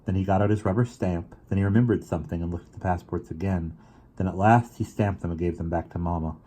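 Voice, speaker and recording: Man, very deep voice, reading a children's book aloud, steady narration. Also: fast talker. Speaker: reader.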